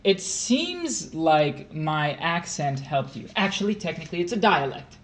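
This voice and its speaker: A man's voice: on the high side, very animated, a little slow, a bit bright, slight background noise. A man co-hosting a casual test prep livestream, playful and fond of pedantic asides.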